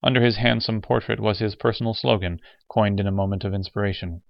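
A male narrator with a low voice reads the story in steady, measured scripted narration. The recording is dull with a narrow band and dry with no room sound. Every line comes out even and deliberate. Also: creaky, no room sound. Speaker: audiobook narrator.

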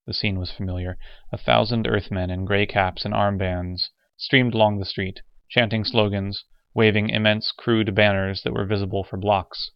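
A man reading a science fiction audiobook as narrator in a steady, measured way. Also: lowish voice, gravelly, clean tone, no room sound. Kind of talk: scripted narration. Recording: dull, dry recording.

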